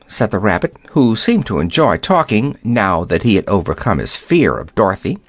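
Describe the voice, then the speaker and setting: A man narrating a children's tale in a gentle, expressive storytelling voice. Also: fairly low pitch, normal speed, hardly any pauses, no echo, clean studio sound.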